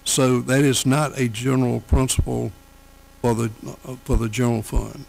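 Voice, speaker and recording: A man presenting finance committee items at a county council meeting, talking haltingly with many fillers. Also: medium pitch, level tone, vocal fry, a little mellow, rough recording.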